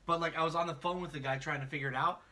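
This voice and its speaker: A man's voice: a little high, racing, recorded from a distance. A man from the Midwest near the Kentucky border with a faint Southern Kentucky accent, chatting casually on a podcast and mimicking voices as he tells stories. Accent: slight Southern Kentucky. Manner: animated storyteller, mimics voices, swears casually. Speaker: podcast host. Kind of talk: casual chat.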